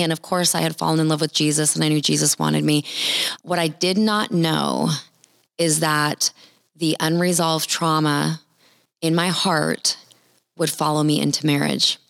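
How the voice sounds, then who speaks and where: A woman's voice: deep voice, fairly even intonation, normal speed, vocal fry, fairly bright tone, no echo, clean studio sound. A middle-aged woman sharing a Christian testimony in an earnest, heartfelt storytelling manner. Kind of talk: personal testimony talk.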